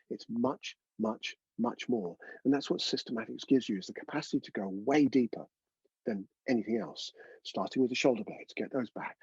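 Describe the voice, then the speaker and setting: A man's voice: fairly low pitch, darkish tone, husky, no room sound, highs cut off. A man teaching a live online breathwork class, chatty and coaching, often checking in with his students.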